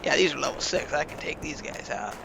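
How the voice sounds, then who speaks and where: Man, gravelly voice, somewhat high pitch, rambling profane storytelling, gameplay commentary, noisy background. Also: expressive, a little fast. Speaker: gaming channel host. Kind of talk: casual gameplay commentary with stories.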